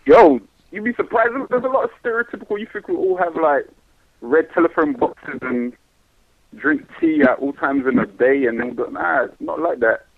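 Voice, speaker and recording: Excited teenage London caller on the phone. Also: male voice, creaky, no room sound. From London, England. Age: teens. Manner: excitable, quick, with laughs and rising pitch. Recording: muffled phone line.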